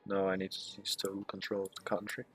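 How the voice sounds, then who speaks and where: A man's voice: low voice, monotone, quick pace, a bit bright. A man giving casual gameplay commentary, reading game text aloud with muttered, swearing asides. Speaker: strategy game let's player.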